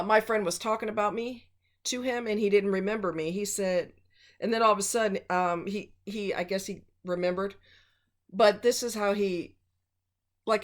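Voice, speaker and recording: A woman vlogger giving blunt relationship advice in a casual, emphatic monologue. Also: medium pitch.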